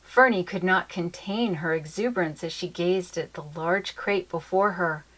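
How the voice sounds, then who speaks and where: A woman reading a children's chapter book aloud in an expressive, lilting storytelling manner. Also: fairly low pitch, normal speed.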